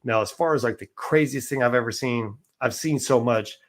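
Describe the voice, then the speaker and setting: A man's voice: medium pitch, moderate pace. A man as an interview guest, recounting experiences in a loose, conversational way, often checking in with "right?" and restarting his sentences. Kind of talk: casual storytelling interview.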